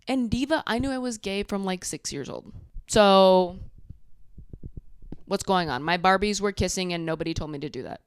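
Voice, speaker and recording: A woman's voice: mid-range voice, normal speed, clean tone, no room sound. A woman hosting her own channel, giving a blunt, profane, sassy recap of a reality show. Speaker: YouTube recap host.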